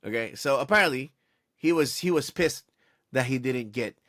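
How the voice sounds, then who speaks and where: A man co-hosting a casual sports podcast, ranting in an animated, exasperated way with lots of restarts. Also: mid-range voice, normal speed, no echo, studio quality. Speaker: podcast co-host.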